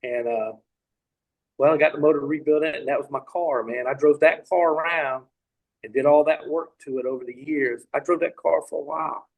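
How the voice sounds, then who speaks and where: A man's voice: on the high side, steady tone, moderate pace, creaky, poor audio. A middle-aged man from Tennessee, a podcast guest telling a long anecdote in a rambling way, full of restarts and asides. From Tennessee, USA. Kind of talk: casual anecdotal storytelling.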